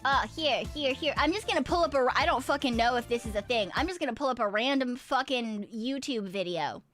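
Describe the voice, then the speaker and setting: A woman's voice: on the high side, animated, a little fast, a bit bright, soft background music. Chatty, laughing woman streamer. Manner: chatty, laughing, swears casually. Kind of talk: casual livestream chat.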